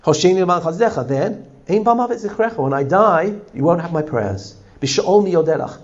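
Animated man teaching from a text. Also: high-pitched, brisk, muffled recording. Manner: animated, translating line by line with frequent "right?". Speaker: Torah teacher. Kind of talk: text-study class.

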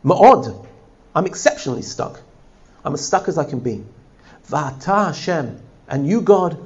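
Man teaching a text class, voice pitched high, dull lo-fi sound. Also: a little slow, long pauses. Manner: animated, translating line by line with frequent "right?". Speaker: Torah teacher.

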